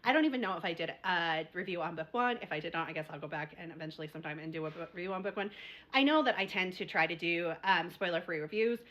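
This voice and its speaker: A woman's voice: fairly low pitch, fast, a bit bright. A young adult woman chatting casually in a book review video, rambling and repeating herself as she gets worked up.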